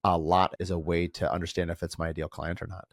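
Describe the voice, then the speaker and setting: A man's voice: low-pitched, little pitch movement, fast, vocal fry, no room sound, clean studio sound. A man hosting a podcast interview, upbeat and jokey, thinking aloud with fillers. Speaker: podcast host. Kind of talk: conversational interview.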